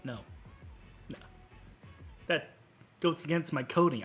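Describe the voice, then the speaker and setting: Low-voiced playful young woman streamer. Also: lively intonation, normal speed, pauses often, soft background music. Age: 20s. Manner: playful, teasing, giggly, swings between whispers and loud outbursts. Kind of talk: casual live-stream chat with teasing role-play lines.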